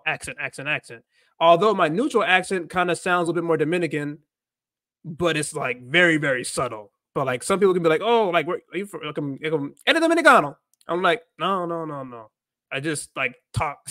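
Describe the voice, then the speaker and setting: A US livestream host who's learning Spanish wanders through his talk, repeating himself and dropping in Spanish phrases. His voice is a little high and a bit bright, in a dry, clean studio recording.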